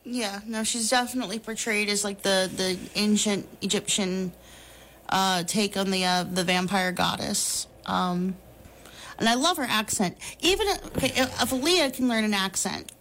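A woman in her thirties co-hosting a podcast, talking in a loose, rambling, animated way with plenty of fillers and laughs. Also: medium pitch, moderate pace. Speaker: podcast co-host. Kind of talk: casual chat.

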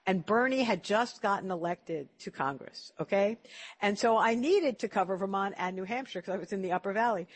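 A man's voice: high voice, a little fast, breathy edge. A man hosting an interview, chatty and telling stories, often repeating words as he starts a sentence. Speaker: interview host. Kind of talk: casual storytelling interview.

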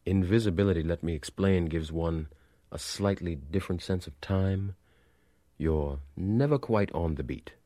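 A man giving a measured, reflective audiobook narration of a literary story. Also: very deep voice, mellow, no echo, studio quality.

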